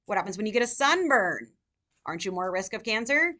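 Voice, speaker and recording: A woman nursing tutor lecturing a live class, firing rapid questions at her students. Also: mid-range voice, big pitch swings, pushed and bright.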